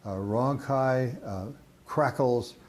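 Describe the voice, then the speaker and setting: Older man demoing a clinical exam, dark mellow tone, calm and unhurried, lots of uhs. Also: medium pitch. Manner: calm explanatory, frequent uh fillers. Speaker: instructor. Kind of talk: clinical teaching demonstration.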